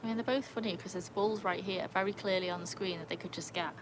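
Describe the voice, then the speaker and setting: A young woman hosting a casual live stream by a pool at night. She chats, laughs often and calls to her dogs in a high sing-song voice. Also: fairly even intonation, quick pace, background noise. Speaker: livestream host. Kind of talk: casual live-stream chat reading comments.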